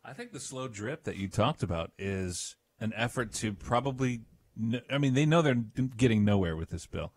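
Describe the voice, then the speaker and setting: A man's voice: medium pitch, expressive, normal speed, no echo, clean studio sound. A man co-hosting a political talk radio show, chatting casually and backing up the host.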